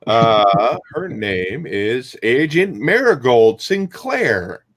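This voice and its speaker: A man's voice: medium pitch, very animated, extremely slow. A man co-hosting a comic book podcast, talking casually and hesitantly with many fillers. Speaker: podcast co-host.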